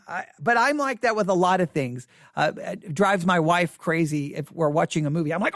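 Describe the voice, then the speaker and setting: Male pastor, high voice, candid and self-deprecating, bursts of excitement, dry close sound. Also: brisk, hardly any pauses, no room sound. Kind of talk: expository Bible study sermon. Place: church.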